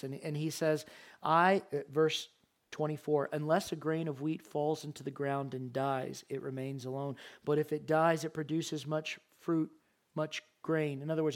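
Emphatic high-pitched male preacher. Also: fairly even intonation, normal speed. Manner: emphatic, repeats key phrases for weight; reads scripture verses aloud and explains them. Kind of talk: sermon.

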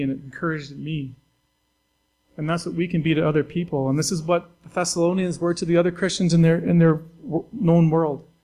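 Guy pastor giving a sermon, chatty and sincere, bit of a higher voice. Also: darkish tone, poor audio. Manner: conversational, earnest, with filler words.

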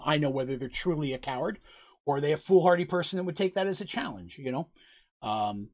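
A man narrating a tabletop game as game master, casual and rambling with fillers. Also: medium pitch.

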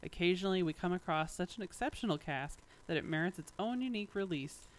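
A podcast co-host with a high-sitting, expressive voice speaks quickly on a low-quality recording with slight background noise. In a casual chat he reads a press statement aloud, adding wry asides, laughing often, and drifting off mid-sentence.

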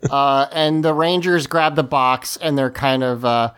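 A man talks through a show's plot in a relaxed podcast chat, slowly, with plenty of "uh" and "like." His voice is smooth and clear, and he slips into the characters' lines as he goes. The pace stays unhurried throughout. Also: mid-range voice. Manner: unhurried, many fillers, acts out characters' lines. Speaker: podcast co-host. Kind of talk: casual chat recapping a TV episode.

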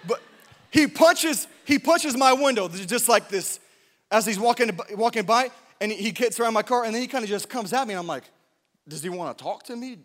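A man's voice: very high voice, brisk. A man preaching a sermon, telling a story with jokes and lots of self-interruptions before moving to exhortation. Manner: animated, jokey, self-interrupting. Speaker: pastor. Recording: long hall reverb.

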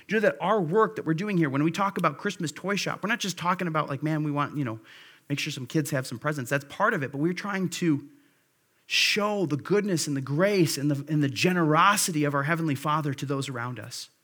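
Give me a man preaching a Sunday sermon, earnest and conversational, with a slightly raised pitch. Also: fairly quick, fairly bright tone. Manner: earnest, conversational, repeats key phrases for emphasis. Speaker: pastor. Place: church service.

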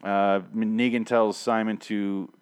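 A man's voice: on the low side, little pitch movement, slow, smooth. A man hosting a casual TV review podcast, rambling and swearing freely, often stammering and restarting his sentences.

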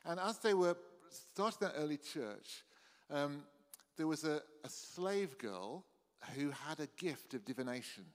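A man's voice: fairly high pitch, animated, unhurried. Man preaching in an echoing hall. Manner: conversational, earnest, with frequent restarts and "you know". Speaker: pastor. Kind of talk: sermon. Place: church hall.

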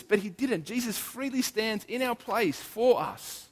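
A man delivers a sermon with earnest emphasis, drawing out key phrases slowly. His voice sits a little high for a man. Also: lively intonation, big-room sound. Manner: earnest, emphatic preaching with slow stressed phrases. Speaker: preacher.

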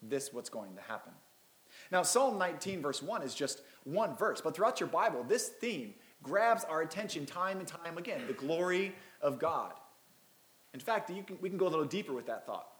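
A man's voice: a little high, very animated, normal speed, fairly bright tone, roomy sound. A man preaching a Christmas sermon as pastor, reading scripture and breaking in with casual, self-deprecating asides.

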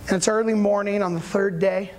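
A pastor preaching in a conversational, animated way, retelling a story and checking in with the audience. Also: medium pitch, fairly quick, slight background noise. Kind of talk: sermon.

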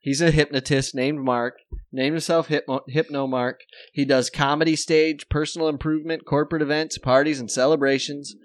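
A man's voice: a little high, flat delivery, normal speed. A man co-hosting a podcast in casual chat, joking and rambling, often breaking into laughter. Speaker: podcast co-host.

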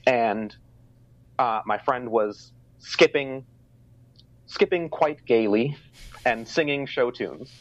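A man's voice: mid-range voice, slow, pauses often, no echo. A young man from Canada telling a personal story in a casual conversation, reflective, with many ums. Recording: dry, slightly dull sound.

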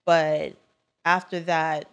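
Animated young woman telling a story. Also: sits low, slow pace, clean tone. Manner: animated, lots of "like" fillers. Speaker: podcast co-host. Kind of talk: casual storytelling chat.

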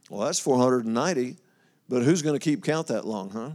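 Medium-pitched and a little mellow, this man's voice carries lively intonation and a slightly fast pace. He preaches in a folksy, informal way, reading scripture aloud and talking it over with his congregation, whom he addresses directly, sometimes losing his place and laughing.

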